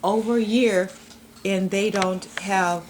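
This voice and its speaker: A woman visiting to interview a man at home, asking brisk questions and affirming what he says. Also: medium pitch, steady tone, a little hiss or hum, poor audio. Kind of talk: casual interview. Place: home bedroom.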